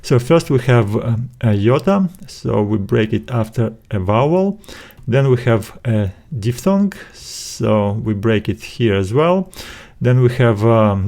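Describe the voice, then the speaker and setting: Slow, deliberate male teacher. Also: mid-range voice, gravelly, warm tone. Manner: slow and deliberate, syllable by syllable, many "uh" fillers. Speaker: Greek language teacher. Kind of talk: slow explanatory lesson.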